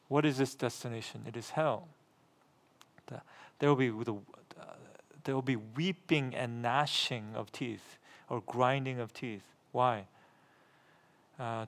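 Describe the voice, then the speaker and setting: A middle-aged male pastor with a mid-range voice delivers a sermon emphatically, repeating words and phrases. He poses rhetorical questions to the congregation, and his voice grows louder and higher whenever he reads scripture aloud.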